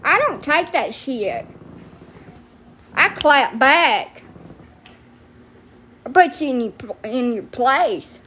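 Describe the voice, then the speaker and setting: High-voiced profane woman ranting. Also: big pitch swings, takes it slowly, long pauses, pushed and bright, slightly rough. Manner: profane, heated, sassy, talks back to viewers. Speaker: livestreamer. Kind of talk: ranting live stream.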